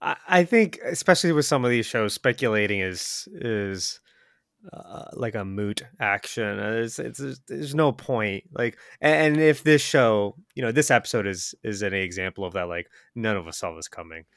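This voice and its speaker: A man's voice: lowish voice, animated, normal speed, fairly bright tone, dry recording, clean studio sound. A man speaking as a guest on a casual podcast, hesitant with restarts and frequent laughs.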